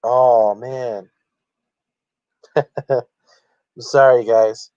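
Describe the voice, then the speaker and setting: A man's voice: mid-range voice, fairly even intonation, extremely slow, darkish tone, clear, resonant tone, no room sound. Guy streamer hamming it up all fake-emotional, dry dull lo-fi sound. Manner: mock-earnest, theatrically emotional. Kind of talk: satirical livestream commentary.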